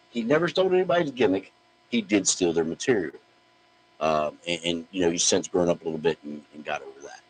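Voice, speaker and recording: A man's voice: low-pitched, lively intonation, brisk, a little hiss or hum, poor audio. A man hosting a podcast, ranting in a blunt, profane, mocking way. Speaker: podcast host. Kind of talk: opinionated podcast rant.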